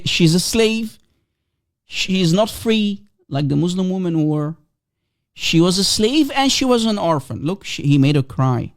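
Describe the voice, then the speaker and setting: A man hosting a livestream, delivering a combative monologue full of mocking, taunting rhetorical questions. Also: sits high. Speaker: livestream host.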